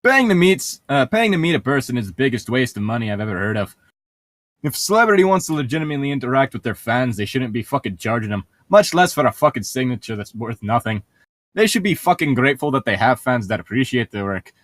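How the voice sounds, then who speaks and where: A man's voice: medium pitch, very animated, fast, a bit bright, no echo. A man hosting a casual comedy podcast, swearing freely and laughing often. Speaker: podcast host.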